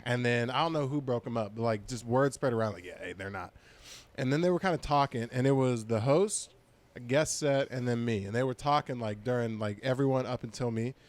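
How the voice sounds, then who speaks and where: A man's voice: mid-range voice, a little fast. A man co-hosting a comedy podcast, telling a stand-up story in casual chat and acting out the people in it. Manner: animated, acts out quotes loudly.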